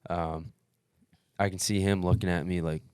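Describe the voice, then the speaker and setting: A young man with a very low voice tells a story in loose, profane podcast chat. He is animated and calls everyone "dude". The sound is dry and close. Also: moderate pace, clean tone, no echo. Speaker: podcast guest recounting an ultramarathon.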